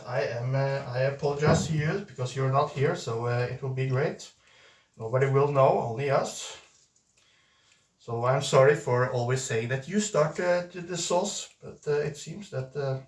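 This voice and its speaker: A man streaming live and chatting with viewers in a playful, hesitant way, full of fillers and restarts. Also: mid-range voice. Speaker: streamer reading viewer messages. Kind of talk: casual live-stream chat. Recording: roomy echo, distant mic.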